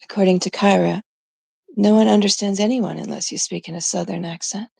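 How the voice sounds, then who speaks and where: A woman's voice: medium pitch, steady tone, fairly quick, vocal fry, darkish tone, slightly rough, no echo. A woman from Canada chatting casually on a live stream, rambling and giggling through mock-exasperated stories.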